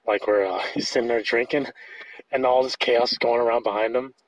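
A man's voice: mid-range voice, fairly even intonation, a little fast, dry recording. A man co-hosting a podcast in casual chat, rambling with lots of filler words. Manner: rambling, laughs often, many likes. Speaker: podcast co-host. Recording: dull lo-fi sound.

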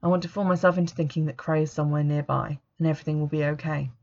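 A woman reading a first-person audiobook in a steady, measured way. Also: deep voice. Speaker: audiobook narrator. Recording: dull lo-fi recording.

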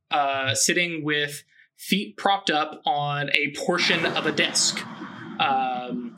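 Bright-voiced man narrating as game master. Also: on the high side. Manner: rambling, many fillers and restarts, amused.

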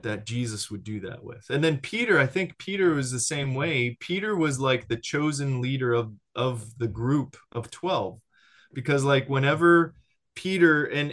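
An adult man with a child teaches about discipleship in a casual, animated way, his voice sitting in the mid range. He often restarts his sentences and checks in with listeners by asking "right?"

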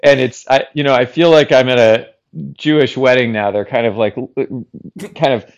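A man chatting as a comedy guest, rambling and giggly, with lots of halting restarts. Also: mid-range voice, fairly even intonation, highs cut off. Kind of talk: casual improv chat.

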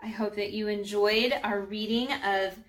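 A woman's voice: medium pitch, steady tone, measured pace. Friendly woman storyteller, reading a picture book aloud for children. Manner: gentle, friendly, addresses children.

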